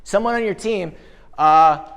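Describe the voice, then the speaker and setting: High-ish voiced guy doing a live motivational keynote, punchy, hypes up the room with quick questions. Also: clear, resonant tone. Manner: punchy, energetic, asks the crowd rhetorical questions. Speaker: motivational speaker. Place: live event venue.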